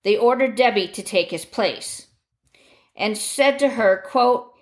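A woman narrating a true crime story in a grave, measured reading voice. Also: fairly high pitch.

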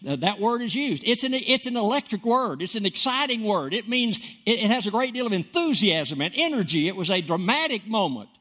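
High-voiced, animated preacher man. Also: fairly quick, hardly any pauses. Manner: emphatic, repeats words for stress, dramatic swings in loudness. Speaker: pastor. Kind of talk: sermon.

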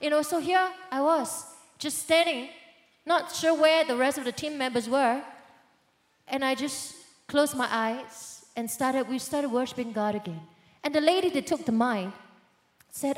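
A woman pastor giving a sermon testimony, telling her story with animated swings between loud bursts and hushed lines. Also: high-pitched, measured pace, roomy sound.

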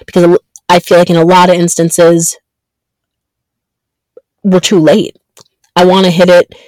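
A woman in her thirties hosting her own podcast, talking earnestly and haltingly with many ums and restarts. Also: lowish voice, level tone, a little mellow, no room sound. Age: 30s. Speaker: podcast host. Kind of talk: reflective solo podcast monologue.

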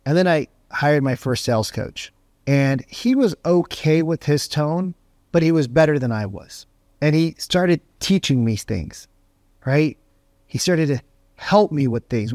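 A middle-aged man with a slightly high voice teaching sales technique with lots of energy. He talks conversationally, tossing in "right?" and jumping into lively play-acted phone calls. The sound is dry and close. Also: dry recording. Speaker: sales coach.

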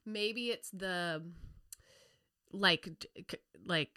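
A woman's voice: mid-range voice, extremely slow, sharp tone, dry recording, studio quality. A woman hosting a podcast interview, answering her guest with short, supportive replies and asking the next question. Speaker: podcast host. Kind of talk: casual interview.

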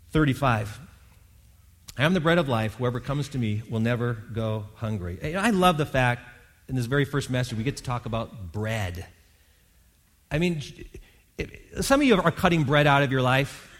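A man delivers a sermon in a loose, conversational style, restarting phrases and acting out the quotes. His voice sits at an ordinary pitch, and a long reverb trails behind it as if he speaks in a large sanctuary. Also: fairly bright tone. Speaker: pastor.

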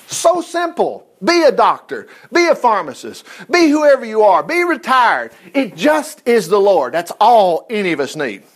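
A man reading the Bible aloud in an informal way, breaking in with excited exclamations and asides. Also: high voice, moderate pace, hardly any pauses. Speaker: Bible teacher.

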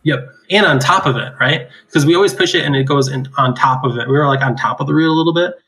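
A man's voice: fairly high pitch, quick pace, fairly bright tone, poor audio. A man who works as an oral surgeon, explaining extraction cases in a casual chat, laughing often and tagging his points with "right?". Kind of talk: casual clinical discussion.

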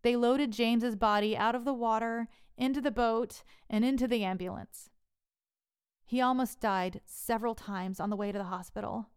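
Smooth-voiced woman telling her story. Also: on the high side, fairly even intonation. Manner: earnest, measured narration. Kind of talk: personal storytelling.

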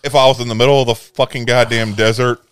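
A man's voice: medium pitch, steady tone, fast talker, clear, resonant tone. A man co-hosting a podcast, teasing his friends and swearing in a loose, casual way. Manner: teasing, profane, laughing. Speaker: podcast co-host. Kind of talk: casual chat.

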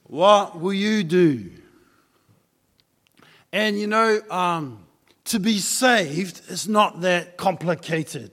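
A man's voice: high voice, extremely slow, long pauses, fairly bright tone. A man preaching a sermon in a church hall. He tells a story in a loose, conversational way and presses his listeners with repeated rhetorical questions. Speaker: pastor. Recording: long hall reverb.

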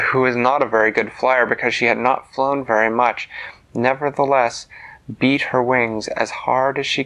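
A man telling a bedtime story to a child in a gentle voice that sometimes drops to a soft whisper. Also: medium pitch, gravelly, poor audio.

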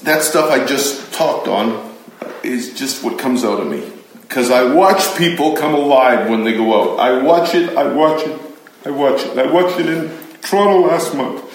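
A pastor leads a Bible study with a conversational sermon, emphatic and chatty, tossing asides to his listeners. His medium-pitched voice moves at a measured pace, and the room is very echoey.

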